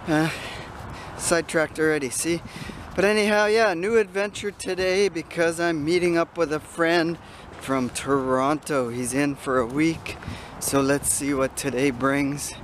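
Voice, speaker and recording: This older man's voice leans a bit high, with fairly even intonation and an unhurried pace. He chats casually while vlogging outdoors in a city, camera in hand, rambling and getting sidetracked. The audio is noisy, as from an outdoor camera.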